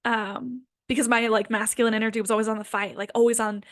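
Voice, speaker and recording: A woman's voice: a little high, level tone, fast, fairly bright tone, no room sound. A woman in her twenties giving a casual, earnest spiritual self-help talk, full of "like" and "um". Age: 20s. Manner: earnest, filler-heavy with frequent "like" and "um". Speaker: spiritual healing coach.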